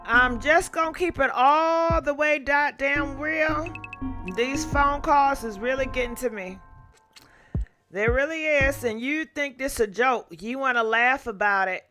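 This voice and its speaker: A woman's voice: sits high, pushed and bright. A woman hosting a casual livestream, venting with irritation about troll callers, cursing freely and thanking donors by name. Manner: profane, drawn-out thank-yous. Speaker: YouTube livestream host.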